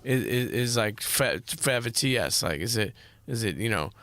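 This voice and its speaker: A man's voice: mid-range voice, lively intonation, normal speed, a bit bright. A man interviewing a guest casually, asking loose, rambling questions and dropping in short affirmations.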